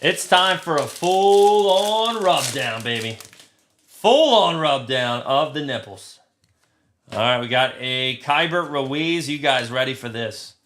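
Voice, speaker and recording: A man hosting a live trading card break, talking crudely and getting excited, shouting over big pulls. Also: mid-range voice, slow.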